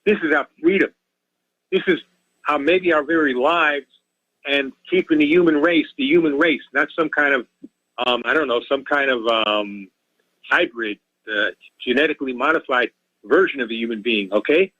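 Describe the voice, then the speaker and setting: A man's voice: mid-range voice, moderate pace, bright, forceful tone, breathy edge, dry recording. A man calling in to a radio show, ranting and pleading with emotion and repeating himself. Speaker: caller. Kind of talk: impassioned call-in rant. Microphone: telephone. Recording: muffled phone line.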